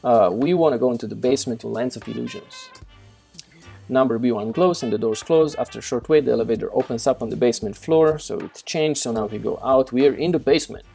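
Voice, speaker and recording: A man with a gravelly, dark voice talks through a text adventure, reading its lines and thinking aloud. He stumbles, corrects himself and drops in fillers, in a relaxed walkthrough manner. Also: mid-range voice, quick pace, soft background music. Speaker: game developer doing a walkthrough. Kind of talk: casual gameplay walkthrough.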